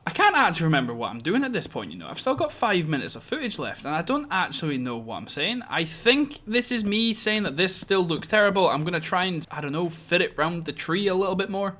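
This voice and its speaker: A man's voice: fairly high pitch, pushed and bright. A young man, giving self-mocking, rambling commentary over his own gameplay footage. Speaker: gaming channel host. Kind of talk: post-recorded gameplay commentary.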